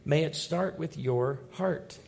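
A man preaching a sermon in church, telling stories with lively acted-out voices. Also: a little high, slow pace, vocal fry. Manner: animated storytelling with acted-out voices. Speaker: pastor.

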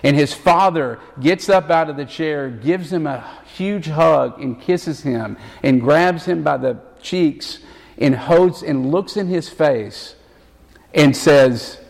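A man preaching a sermon as a pastor, telling a story earnestly and slowing down to stress key words. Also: on the high side, creaky, darkish tone. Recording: long reverb of a large hall.

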